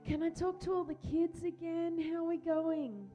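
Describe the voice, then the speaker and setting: Woman pastor, high warm voice, gentle, encouraging, repetitive phrasing, handheld mic in a church. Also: fairly even intonation, normal speed, highs cut off, soft background music. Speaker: pastor leading a church service. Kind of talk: worship prayer and children's talk. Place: church hall. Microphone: handheld microphone.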